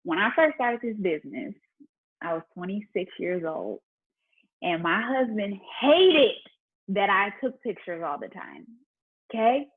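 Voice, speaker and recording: A woman with a husky, breathy voice chats openly and warmly about faith and business, speaking straight to her followers. The audio is thin and tinny, like a phone call. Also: mid-range voice, animated, measured pace. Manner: chatty and faith-driven, talking straight to viewers. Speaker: entrepreneur and business mentor. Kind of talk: casual livestream Q&A chat.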